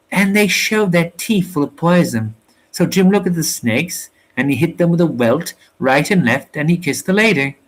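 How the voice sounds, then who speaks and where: A man reading a story aloud in a lively storytelling manner, with occasional small slips. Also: a little high. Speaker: story reader.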